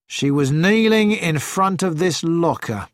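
A man's voice: a little high, expressive, a little slow, no room sound, clean studio sound, pitched above the performer's own voice. A man reading aloud as a grave, gloomy male police inspector asking questions.

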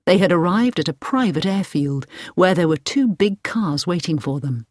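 A woman narrating a story in a steady, measured reading. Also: fairly low pitch, no echo, studio quality.

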